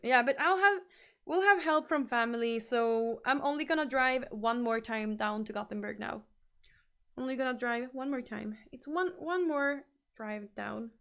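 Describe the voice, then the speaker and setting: High-voiced northern Swedish woman streamer. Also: normal speed, fairly bright tone. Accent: northern Swedish (Norrbotten). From Norrbotten, northern Sweden. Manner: chatty, restarts and repeats words, mixes English and Swedish. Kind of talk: casual chat with viewers.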